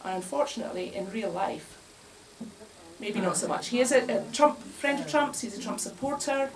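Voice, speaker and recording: A woman's voice: on the high side, lively intonation, moderate pace, crowd noise. Wry, laughing woman, heard from afar. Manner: wry, chatty, laughs often at her own jokes. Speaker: speaker at a live bar talk. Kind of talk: comic talk to a live audience. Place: bar, indoors, in front of an audience. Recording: distant mic with faint room noise.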